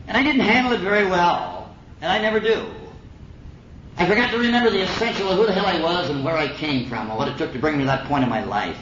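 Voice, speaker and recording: A middle-aged man tells his story to a recovery meeting in a folksy, slangy way with wry humor. His voice sits a little high. The old recording is dull and lo-fi, with hall echo and a crowd audible. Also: expressive, quick pace, background noise. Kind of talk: personal testimony talk. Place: meeting hall before an audience. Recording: old echoey lo-fi recording with audience.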